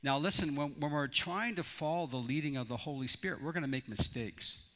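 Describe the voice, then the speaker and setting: A man preaching an earnest sermon, telling a story and often restarting his phrases. His voice is bright and forceful and sits a little high. It rings out in a large hall with a long reverb. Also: brisk. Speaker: pastor.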